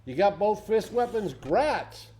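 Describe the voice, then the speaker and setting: Slightly high-voiced man chatting on stream. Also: sing-song, slow pace, mellow. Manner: chatty, reacting to chat and teammates. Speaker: game streamer. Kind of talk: casual live-stream chat while gaming.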